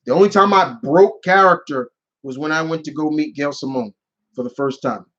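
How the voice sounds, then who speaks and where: A man's voice: fairly high pitch, moderate pace, a bit bright. Guy rambling through stories on his live q&a, kinda muffled lo-fi mic. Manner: rambling storyteller with many restarts and fillers. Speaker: channel host answering live questions. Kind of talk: casual live Q&A chat.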